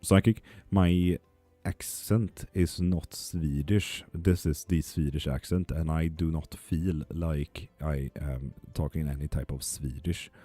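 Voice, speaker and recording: A man's voice: very deep voice, steady tone, takes it slowly, hardly any pauses, mellow, soft background music. A man hosting a live tarot stream in his apartment, chatting casually and reading out viewer comments with sarcastic, profane humor. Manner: profane, sarcastic, laughs often.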